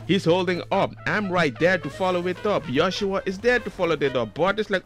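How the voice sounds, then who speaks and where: A man giving excitable, jokey commentary over gameplay footage. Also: high voice, a little fast, soft background music. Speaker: video creator.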